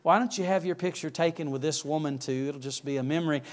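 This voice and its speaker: A man's voice: fairly high pitch, fast, natural voice. A man voicing a polite male bodyguard with a dry wit, in a sermon story.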